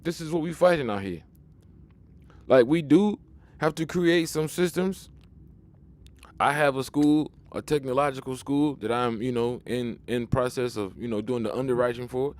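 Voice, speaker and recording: A man's voice: medium pitch, moderate pace, a little mellow. A man with an ordinary mid-range voice talks straight to his audience in a casual monologue. He is emphatic and preachy, hammering his points and often stumbling over repeated words before pressing on. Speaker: video commentator.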